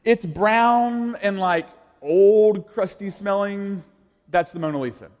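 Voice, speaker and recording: A man voicing a small talking ant that describes things slowly and simply, in an echoey hall. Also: high voice, darkish tone, voice pushed up. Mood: awed.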